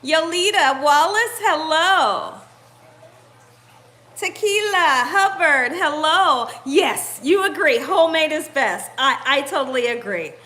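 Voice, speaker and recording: A woman's voice: sits high, animated, slow pace, bright, forceful tone. A woman hosting a live cooking stream from her home kitchen. She chats with viewers, greets them by name and laughs often. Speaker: cooking channel host.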